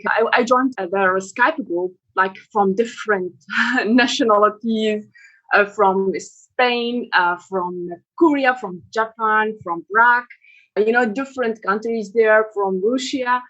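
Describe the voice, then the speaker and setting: A woman from Iraq, a guest in a casual interview, speaking haltingly and pausing often to search for words. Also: medium pitch, fairly bright tone, muffled recording.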